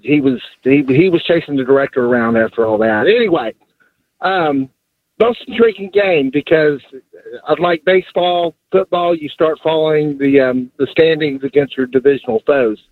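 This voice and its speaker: A man phoning in to a sports show, his voice a touch high and thin. He rambles and stalls with fillers. It comes through a dry, tinny phone line. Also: dry recording. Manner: rambling, halting, many fillers. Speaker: caller. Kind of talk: phone-in chat. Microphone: telephone.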